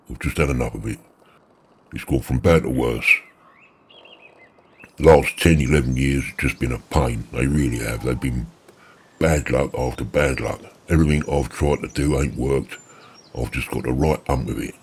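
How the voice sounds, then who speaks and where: A man's voice: rumbling low, a little mellow, a little hiss or hum. A man in a casual roleplay, talking in a weary, grumbling way. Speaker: roleplay partner.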